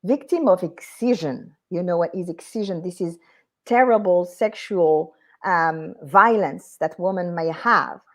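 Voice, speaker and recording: A woman's voice: lowish voice, a little slow. A woman with a French accent, a native French speaker, speaking as an interview guest and executive coach in an earnest, explanatory way. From France.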